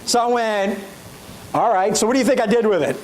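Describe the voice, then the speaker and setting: A man's voice: high-pitched, fairly quick, crowd noise, poor audio. A middle-aged man, giving a storytelling motivational keynote and speaking straight to the audience. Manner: animated, addresses audience directly.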